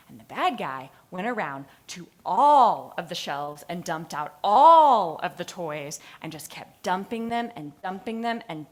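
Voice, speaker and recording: A woman giving a class presentation, telling stories with energy, acting out moments and laughing at herself. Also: medium pitch. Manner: animated storytelling, acting out moments; laughs at her own stories. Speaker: student presenter. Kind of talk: lively capstone presentation.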